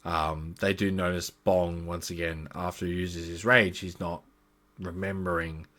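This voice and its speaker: Brief: a low-voiced man as game master, giving a loose, rambling recap of a tabletop campaign. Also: level tone, unhurried, bright, forceful tone. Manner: rambling, with many fillers.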